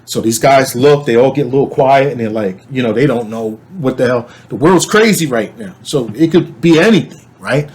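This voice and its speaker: A man's voice: mid-range voice, moderate pace, hardly any pauses. A man telling a dream to camera in a casual, rambling way, with many fillers and restarts. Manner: animated storyteller, shouts when reenacting. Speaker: channel host.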